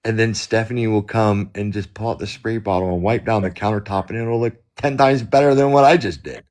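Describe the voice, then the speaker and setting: A man's voice: lowish voice, a little fast. A middle-aged man hosting a live stream, telling stories in casual chat and acting out both sides of arguments. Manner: animated storyteller acting out arguments. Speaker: livestream host.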